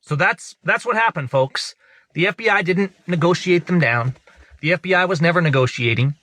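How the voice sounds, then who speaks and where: A man's voice: on the high side, normal speed, sharp tone. A man hosting an online show, giving emphatic, indignant political commentary to his viewers.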